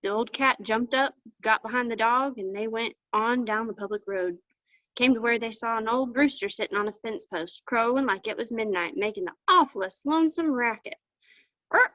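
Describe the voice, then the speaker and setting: A woman's voice: a little high, normal speed, fairly bright tone, dry recording. A woman storyteller telling a folktale with folksy country phrasing over a video call. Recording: dull lo-fi dry sound.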